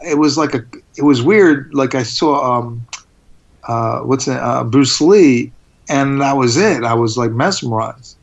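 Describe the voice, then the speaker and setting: A rambling, animated man on a dull line. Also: medium pitch, measured pace, gravelly. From United States. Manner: rambling, animated storytelling with laughs and restarts. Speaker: guest. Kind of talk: casual interview.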